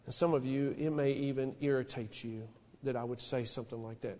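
A male pastor preaching a sermon in a church, shouting some lines and dropping to a hushed warning on others. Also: fairly even intonation, a little fast, few pauses, big-room sound. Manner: fervent preaching, swinging from shouted declarations to low hushed warnings. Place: church sanctuary.

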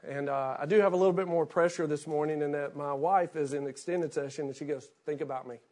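High-voiced pastor preaching. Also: male voice, fairly even intonation, fairly quick, a little mellow. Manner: reads scripture aloud, then preaches in a conversational, anecdotal way. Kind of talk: sermon with scripture reading.

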